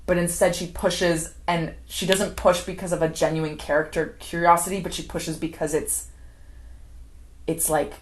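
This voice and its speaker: A woman's voice: fairly low pitch, little pitch movement, normal speed. Chatty young woman rambling about a movie. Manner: chatty, heavy use of "like", acts out quoted characters, laughs often. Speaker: film commentary vlogger. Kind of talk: unscripted casual movie recap ramble.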